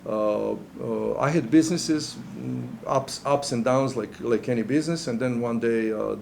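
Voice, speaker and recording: A middle-aged man from Serbia, giving a personal testimony in an interview. He talks in a halting, earnest way with many restarts. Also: mid-range voice, gravelly, a little mellow, a little hiss or hum.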